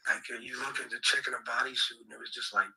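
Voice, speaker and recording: A man's voice: mid-range voice, level tone, quick pace, creaky, pushed and bright, low-quality recording. A man in his forties reminiscing on his show, nostalgic and profane, with rambling restarts. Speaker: show host. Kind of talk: casual show chat, played back.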